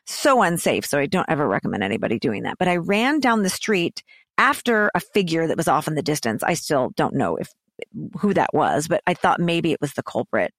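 A woman's voice: sits low, sing-song, a little fast, dry recording, studio quality. A woman guest on a podcast telling a personal story in an emotional way, her voice climbing when agitated and dropping to whispers.

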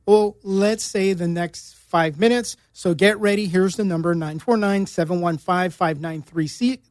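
A woman's voice: fairly low pitch, a little slow, darkish tone, no room sound, clean studio sound. A woman radio DJ chatting casually and announcing a ticket giveaway, often hesitant with fillers. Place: radio studio.

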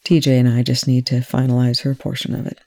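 Reader doing a worn out military guy, low and gravelly, short and steady. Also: quick pace, no echo, clean studio sound, lightly acted. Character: weary gruff military commander.

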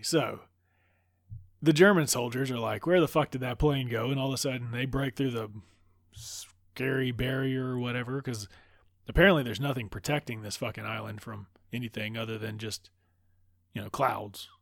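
A man's voice: medium pitch, vocal fry, no echo, clean studio sound. A man giving a profane, sarcastic comedic movie recap full of rambling asides.

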